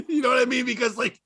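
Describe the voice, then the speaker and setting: A man trading jokes in a casual comedy podcast, excitable and laughing often. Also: very high voice, husky, dry recording. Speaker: podcast guest.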